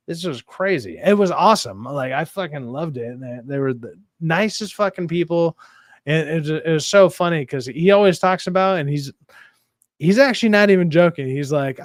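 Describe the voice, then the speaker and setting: A man hosting a casual stream chat, his voice pitched a little high and recorded dry and close. He tells stories in a loose, profane, animated way, full of restarts. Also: normal speed, no room sound. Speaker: stream host.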